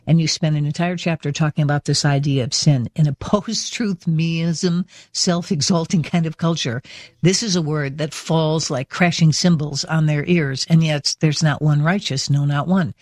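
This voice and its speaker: A man's voice: fairly high pitch, steady tone, normal speed, no echo, studio quality. A man hosting a radio interview, talking enthusiastically and at length in a sincere way. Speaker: radio host. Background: faint music near the end.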